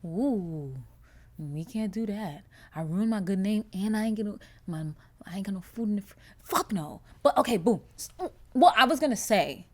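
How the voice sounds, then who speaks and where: A young woman hosting a podcast, talking in a casual, animated, profane monologue full of filler words. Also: medium pitch. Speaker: podcast host.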